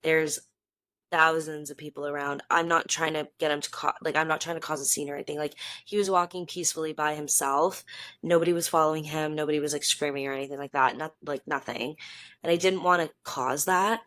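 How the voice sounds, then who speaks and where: A young woman in her twenties telling a story in a casual vlog, chatty and animated, laughing often and correcting herself as she goes. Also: low voice, brisk, dry recording. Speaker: vlogger.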